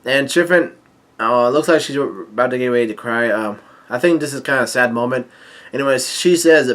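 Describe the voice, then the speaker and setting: Casual male reader walking through a manga chapter; hesitant, filler-heavy delivery with chuckles, mid-pitched voice. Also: fairly bright tone. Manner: halting, many fillers and restarts, chuckles often.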